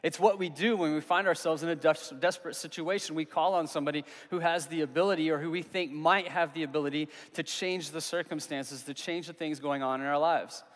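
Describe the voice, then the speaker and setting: Man, young adult, pastor, earnest conversational sermon, slightly high voice, long hall reverb. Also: fairly even intonation. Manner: earnest, conversational preaching with emphatic pauses. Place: church hall.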